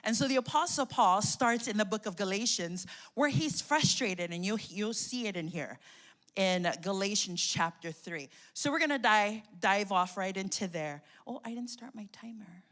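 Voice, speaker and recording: A woman pastor preaching a lively call-and-response sermon. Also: medium pitch, moderate pace.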